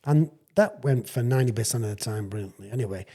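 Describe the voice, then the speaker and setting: Man around 60, retired footy player spinning a yarn, husky warm voice, keeps restarting and chuckling. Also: medium pitch, fast talker. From England. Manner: rambling, chuckling storyteller with frequent restarts. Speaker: retired rugby league player, podcast guest. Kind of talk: casual storytelling anecdote.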